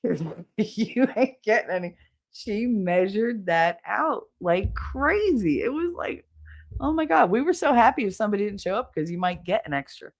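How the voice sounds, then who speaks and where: A woman's voice: medium pitch, big pitch swings, moderate pace. A woman from the northern United States chatting casually on a livestream, telling a blunt, jokey, rambling family story. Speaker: streamer.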